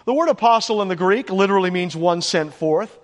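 High-voiced emphatic pastor in an echoey hall. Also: male voice, animated, brisk. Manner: emphatic, rises for stress, asks the congregation questions. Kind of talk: sermon. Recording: echoey church hall with long reverb.

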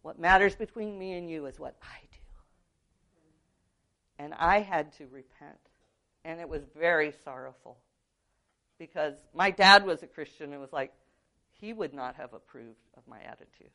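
A woman's voice: sits low, moderate pace, pauses often, pushed and bright. A middle-aged woman from California teaching biblical counseling, talking earnestly and conversationally as she shares a personal story. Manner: earnest, conversational, frequent "um" and "right?". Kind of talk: teaching talk with personal testimony.

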